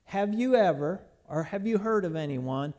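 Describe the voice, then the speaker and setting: A man's voice: high-pitched, animated, darkish tone. Folksy man preaching a sermon. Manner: storytelling, folksy, slows to stress points. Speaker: pastor.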